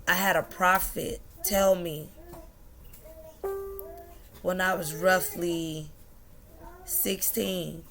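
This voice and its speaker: A woman's voice: on the low side, steady tone, extremely slow, pauses often, a bit bright, faint music behind. A young woman telling a personal story to the camera, emotional and laughing, at times tearful. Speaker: vlogger.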